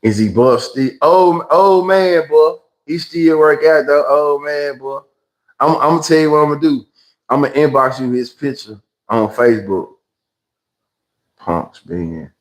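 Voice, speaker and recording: Speaking a little slowly in a voice on the high side, a Memphis man rambles through a slangy story on his livestream, doing other people's voices. The phone recording is rough.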